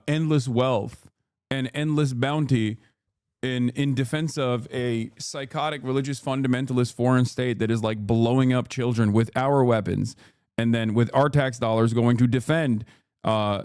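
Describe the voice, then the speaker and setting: A man's voice: mid-range voice, darkish tone, clean tone, no echo, studio quality. Sarcastic man ranting. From United States. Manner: profane, sarcastic, fast-building rants. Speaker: host reacting to clips. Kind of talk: ranting commentary.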